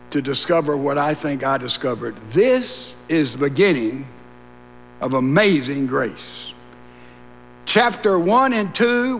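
A pastor preaches a sermon in a church sanctuary, emphatic and repetitive, breaking off for asides to the congregation. His voice is fairly high and a bit bright. The recording carries long reverb and mains hum from the church.

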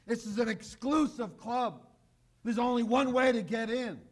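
A male pastor preaching a sermon, emphatic, repeating key phrases and often sinking to a hushed, low voice. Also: unhurried.

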